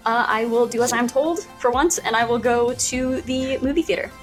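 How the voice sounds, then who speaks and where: A woman playing in a tabletop role-playing game, describing her character's actions in a relaxed, playful way. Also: fairly high pitch, moderate pace, faint music behind. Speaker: player. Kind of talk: casual tabletop role-play.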